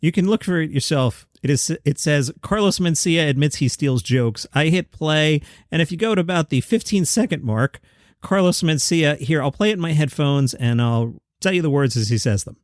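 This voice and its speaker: A man's voice: a little high, expressive, moderate pace, no room sound, clean studio sound. A middle-aged man hosting a comedy news podcast, reading headlines with wry, self-mocking asides to himself. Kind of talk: scripted comedy news commentary.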